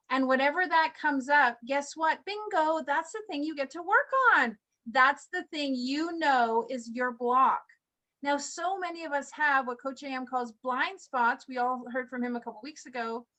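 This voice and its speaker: A woman's voice: sits high, normal speed, sharp tone. A woman leading a group video call as a motivational coach, enthusiastic and encouraging, full of rhetorical questions.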